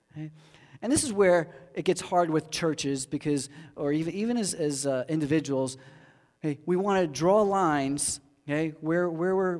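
A man's voice: a little high, a little mellow, long reverb tail. A man preaching a sermon, reading scripture aloud and talking it through conversationally, often checking in with his listeners.

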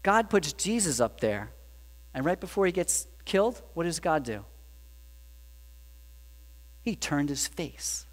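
A man preaching a sermon, animated, rising to emphatic peaks and dropping to hushed lines. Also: on the high side, slow pace, pauses often. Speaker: pastor. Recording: reverberant hall with mains hum.

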